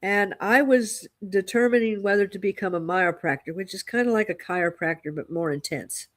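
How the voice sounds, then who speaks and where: A woman's voice: mid-range voice, normal speed. Reflective woman sharing her story. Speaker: co-host and Reiki master teacher. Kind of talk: casual spiritual chat.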